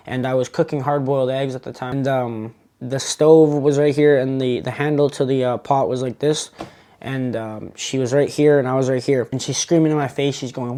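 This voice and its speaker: Young man telling his story haltingly. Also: medium pitch, steady tone, mellow. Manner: halting and earnest, with frequent fillers and restarts. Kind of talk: personal storytime monologue.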